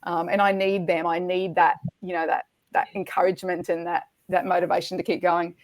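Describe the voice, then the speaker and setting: A middle-aged woman, a podcast guest, telling a race story in a lively, animated way and acting out the quotes. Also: on the low side, fairly quick, dry recording. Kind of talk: storytelling in casual chat.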